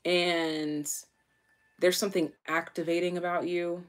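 A woman's voice: fairly low pitch, level tone, unhurried, heavy background noise. A woman giving a casual live tarot reading, chatty, with many fillers and casual swearing. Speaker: tarot reader.

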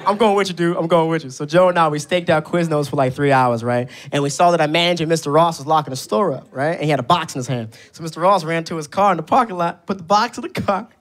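A man doing stand-up, telling a story in an animated, profane way, laughing at his own punchlines. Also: fairly high pitch, fast, hardly any pauses. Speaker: stand-up comedian. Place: live comedy venue with audience.

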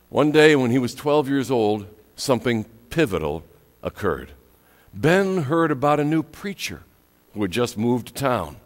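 A male pastor telling a story in a sermon, with dramatic pauses and whispery drops on key words. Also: on the high side. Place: church sanctuary. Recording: echoey church hall with long reverb.

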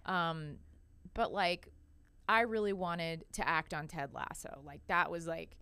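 A woman speaking as a podcast guest, talking in a rambling, animated way with many fillers. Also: fairly low pitch, normal speed, clear, resonant tone, no room sound. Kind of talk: casual conversation.

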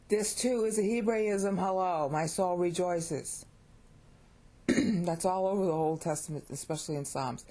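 This casual video lesson features a middle-aged American woman teaching Bible Greek with lots of chatter and energy. Excitement sends her pitch soaring, and she regularly checks on her audience and teases herself about how she pronounces things.

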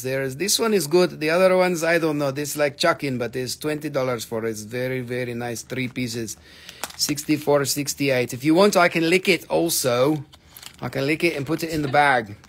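A man with a slightly high, gravelly voice runs a live-stream gem sale, keeping up jokey, excitable patter and teasing his viewers.

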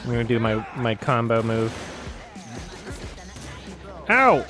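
A man streaming a co-op game in casual chat, excitable, swearing and yelping when hit. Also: medium pitch, slow, faint music behind. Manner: excitable, swears often, yelps at hits.

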